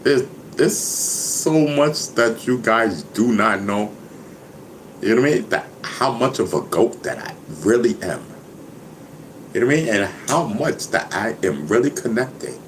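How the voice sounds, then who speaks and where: A man's voice: medium pitch, expressive, a little slow, slight background noise, poor audio. A man talking casually to his viewers, boastful and laughing, who keeps saying "you know what I mean". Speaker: vlogger.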